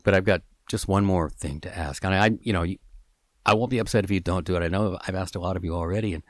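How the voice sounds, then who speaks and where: A man voicing a polite, resigned talking fish in a spoken story, soft-spoken and hesitant. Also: sits low, fast talker, no room sound, studio quality, natural voice. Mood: gentle, resigned.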